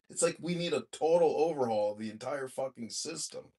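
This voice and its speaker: A man's voice: medium pitch, animated, fairly quick, few pauses, a little mellow. A man hosting a crude, casual political chat in an online voice room, blunt and profane, given to rants. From Chicago area, US. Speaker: podcast host and mayoral candidate.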